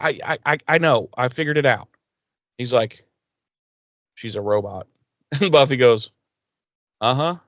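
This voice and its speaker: A man's voice: medium pitch, fairly bright tone, dry recording. A man co-hosting a podcast, chatting casually and swearing a lot as he recaps an episode. He acts out the characters' lines with a mid-range voice. The sound is dry and close, with no room around it. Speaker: podcast co-host.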